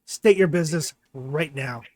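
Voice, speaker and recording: A man's voice: on the high side, normal speed, darkish tone, natural voice. A man voicing a hostile old female dwarf matriarch who speaks bluntly and curtly. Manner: blunt, curt, dismissive.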